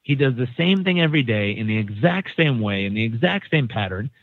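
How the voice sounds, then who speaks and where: Man, podcast guest, animated storytelling, acts out quotes, phone-like audio, dead dry. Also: medium pitch, a little fast, dry recording. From San Diego, United States. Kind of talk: casual storytelling. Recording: dry, phone-like narrow sound.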